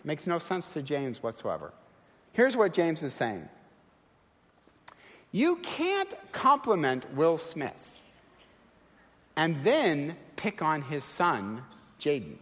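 Animated preacher man in a reverberant hall. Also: fairly high pitch. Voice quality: lively, animated delivery with quoted voices. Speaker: guest preacher. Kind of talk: sermon with storytelling. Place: church sanctuary.

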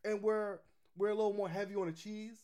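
High-voiced laid-back Philly man. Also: fairly even intonation, fairly quick, warm tone. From Philadelphia. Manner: laid-back, profane, laughs often. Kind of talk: casual chat reviewing pizza spots.

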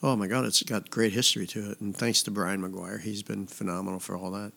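A man's voice: lowish voice, steady tone, brisk, gravelly, fairly bright tone. A middle-aged man, a musician, chatting casually at home and telling stories in a rambling, joking way. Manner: rambling, jokey storyteller. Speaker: musician guest. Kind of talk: casual chat.

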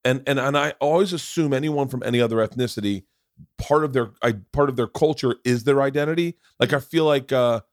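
A man's voice: medium pitch, a little fast, no echo, clean studio sound. A man hosting a podcast, telling stories in a loose, rambling way, often restarting sentences and swearing freely. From Florida. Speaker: podcast host; comedian. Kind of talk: casual conversational storytelling.

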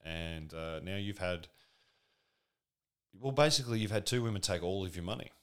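A man's voice: low voice, lively intonation, normal speed, fairly bright tone, clear, resonant tone. A man rambling through a crude, sardonic comedic monologue.

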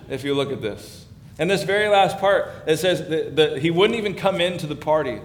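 With lively intonation, a pastor preaches a little fast, with hardly any pauses, keeping it conversational while building in emphasis. The sound carries an echoey hall and a faint background rumble.

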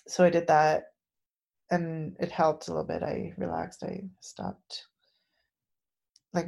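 A woman in her thirties telling a personal story in a candid, emotional way, halting often with fillers. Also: fairly low pitch, gravelly, darkish tone.

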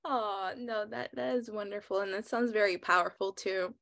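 A woman's voice: medium pitch, vocal fry, a bit bright, dry recording. A woman hosting a podcast interview, affirming her guest often and laughing readily in casual talk. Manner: encouraging, quick to laugh, frequent affirmations. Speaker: podcast host.

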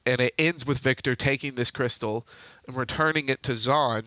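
A man retells a game's backstory in an easy, chatty podcast voice, tossing in quick asides as he goes. The recording is dry and a little dull, like a modest home setup. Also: mid-range voice, bright, forceful tone, no echo. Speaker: podcast co-host. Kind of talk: casual chat recapping game lore.

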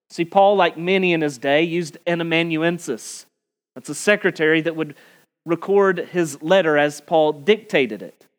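A man preaching an expository sermon, emphatic, rising on key words and slowing down to stress them. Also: on the high side.

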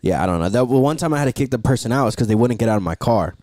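A man tells stories in loose, profane casual chat, jumping into the voices of the people he quotes. His voice sits at an ordinary pitch for a man. The sound is dry and close, with no room echo. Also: expressive, very fast, mellow. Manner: profane storyteller, acts out quotes.

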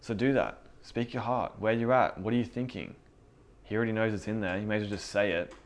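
A male pastor preaching to a group with a fairly low voice. He talks like a friend rather than from a pulpit script, earnest and direct, with frequent little laughs. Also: a little fast. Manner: earnest, conversational, laughs often. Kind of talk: sermon.

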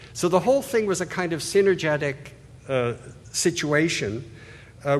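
Guy giving an art lecture, bit husky, big echoey hall, keeps restarting his sentences. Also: a little high. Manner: discursive, restarts phrases, points at slides.

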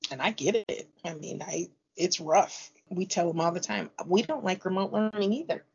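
A woman's voice: lowish voice, moderate pace, vocal fry, husky, highs cut off. A middle-aged woman, a teacher, chatting casually in an interview and acting out classroom conversations as she tells them. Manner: animated storyteller acting out dialogue.

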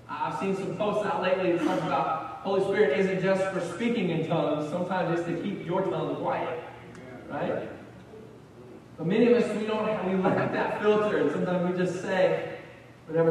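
A man's voice: sits high, darkish tone. A man preaching a sermon in a conversational way, often repeating words as he gets going. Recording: echoey hall, far from the mic.

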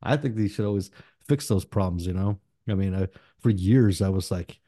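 A man's voice: low voice, normal speed, no echo, studio quality. A man hosting a podcast, chatting casually, swearing freely and laughing as he tells stories. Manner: profane, laughing, animated storyteller. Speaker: podcast host. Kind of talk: casual chat.

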